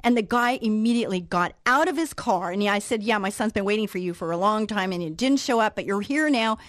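A woman radio host telling a story in a lively, casual way, acting out the reactions she quotes, then moving into a devotional talk. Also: medium pitch, fast, dry recording, clean studio sound.

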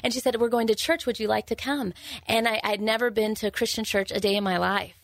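A woman, giving an earnest, halting personal testimony in an interview, with frequent restarts. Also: on the high side, steady tone. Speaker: guest sharing her testimony.

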